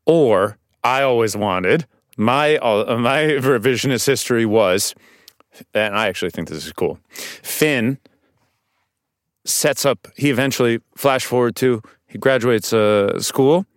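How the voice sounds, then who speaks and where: A man guesting on a podcast as an actor, telling stories casually in a studio, animated and swearing now and then. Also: mid-range voice, unhurried, dry recording. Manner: animated storytelling with restarts and swearing.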